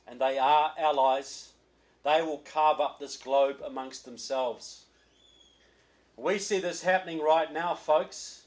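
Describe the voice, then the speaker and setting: A man's voice: on the high side, low-quality recording. New Zealand man giving a speech. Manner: folksy, joking asides, repeats words when starting phrases. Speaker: guest speaker. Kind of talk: political speech at a reception.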